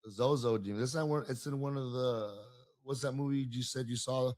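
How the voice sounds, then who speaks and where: A man's voice: mid-range voice, fairly quick, a little mellow, no echo. Blunt man co-hosting, dry sound. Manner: loose, blunt reactions with swearing. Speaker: podcast co-host. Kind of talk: casual interview chat.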